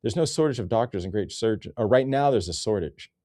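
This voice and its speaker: A man's voice: fairly low pitch, animated, fast, dark tone, dry recording, studio quality. A man ranting in a sarcastic, rambling comedy commentary, cursing often.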